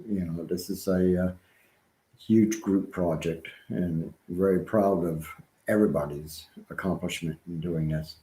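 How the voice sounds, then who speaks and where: A man with a slight Southern accent talks slowly in a low voice, co-hosting a casual live-stream chat. He rambles and halts, with frequent ums and restarts. His voice rings in an echoey room. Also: steady tone, dark tone. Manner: rambling, halting, many ums and restarts, chuckles often.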